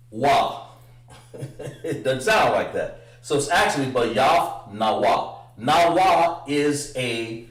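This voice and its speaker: Slow-talking man teaching in a roomy echo. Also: mid-range voice. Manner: drawn-out pronunciation drills, chatty asides to viewers. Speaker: instructor. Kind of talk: livestreamed language lesson. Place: room, livestream. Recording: roomy echo, far from the mic.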